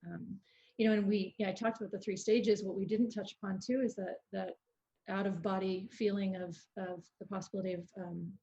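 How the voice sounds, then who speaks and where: Gravelly-voiced woman on a dull line. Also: medium pitch, level tone, a little fast, warm tone. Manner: thoughtful, with fillers and restarts. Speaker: fitness educator guest. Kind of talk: casual interview chat. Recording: dull lo-fi sound.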